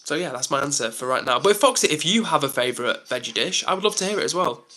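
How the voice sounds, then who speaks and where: A man's voice: fairly high pitch, lively intonation, fast talker, bright, forceful tone, soft background music. A young man on a live stream, chatting casually and reading out comments with lots of "like" and "um".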